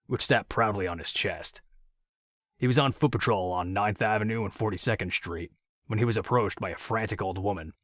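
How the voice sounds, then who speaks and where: A male audiobook narrator reads steadily and with measure in a lowish voice. The recording is close and dry, with no room echo.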